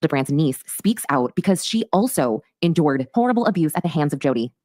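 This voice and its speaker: A woman hosting a true crime podcast, recapping a case in fast, emphatic storytelling. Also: sits low, very animated, darkish tone, no echo, studio quality. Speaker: podcast host.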